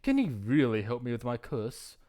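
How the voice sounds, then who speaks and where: Man doing earnest young princess, raised and sincere, lively lilt. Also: mid-range voice, moderate pace. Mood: questioning. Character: young cursed princess narrating, curious and earnest.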